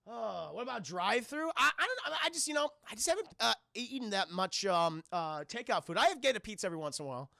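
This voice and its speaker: A man's voice: high-pitched, very animated, quick pace, gravelly, few pauses, pushed and bright, no room sound. A young man with a New York accent chatting casually on a livestream, rambling and swearing as he talks to his chat. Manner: rambling, profane, addresses chat constantly. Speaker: streamer answering viewer questions.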